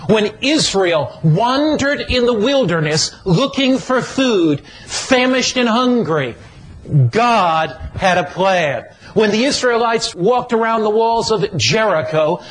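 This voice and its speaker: A man's voice: high voice, lively intonation, takes it slowly, a bit bright, low-quality recording. A middle-aged man preaching a sermon as an evangelist, with an emphatic, repetitive cadence.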